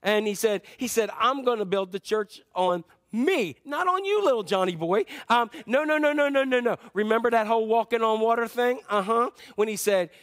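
A man voicing a brash, boastful male fisherman disciple in a loud, swaggering way. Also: very high voice, fairly even intonation, brisk, hardly any pauses, voice pushed up.

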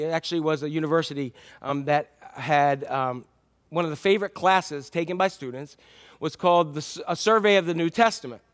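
A male pastor telling stories in a sermon, acting out the animals in the tale. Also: a little high. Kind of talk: sermon storytelling.

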